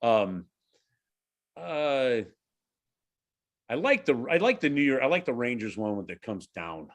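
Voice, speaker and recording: A man in his forties chats on a podcast as a guest broadcaster. His pitch swings widely as he tells a story in an animated way, stumbling over restarts while his voice stays in a middle register. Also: unhurried. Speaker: pro hockey radio broadcaster, podcast guest. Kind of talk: casual podcast chat, anecdote telling.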